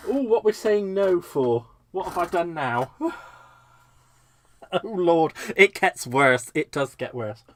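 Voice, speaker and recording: Man, from Britain, live crafting host, chatty, self-deprecating, fairly high voice. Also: animated, slow pace, a bit bright, no room sound. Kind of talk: casual live chat while crafting.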